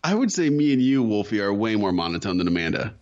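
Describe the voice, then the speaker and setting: A man's voice: on the low side, very animated, quick pace, a little mellow, lo-fi sound. A man co-hosting a podcast in casual chat, dry and matter-of-fact. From United States. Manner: dry, reads listener reviews aloud. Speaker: podcast co-host.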